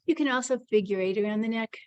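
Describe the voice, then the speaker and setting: A woman's voice: fairly high pitch, quick pace, darkish tone, clear, resonant tone, no echo, dull audio. A woman teaching an energy routine, talking through each movement as she does it and a little out of breath. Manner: chatty, encouraging, narrates her own movements. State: slightly out of breath. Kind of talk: casual instructional demonstration.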